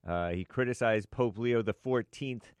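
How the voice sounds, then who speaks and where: A man's voice: medium pitch, unhurried, smooth, dry recording. An American man co-hosting a live talk show, reading viewer messages and headlines with offhand comments and frequent chuckles. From United States.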